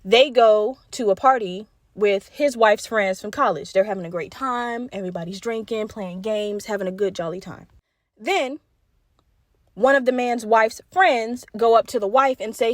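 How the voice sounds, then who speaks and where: Woman, podcast host, high voice, dry close sound, salty and animated storytelling. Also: moderate pace, no echo. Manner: animated, profane, acts out quoted voices.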